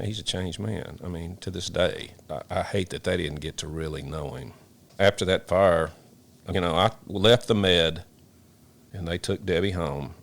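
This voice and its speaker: A retired fire lieutenant from Memphis, Tennessee, now an older man, reflects on his firefighting career in a seated interview. His very low voice has a rough, gravelly edge, and he speaks in halting bursts, repeating and restarting words as emotion breaks through.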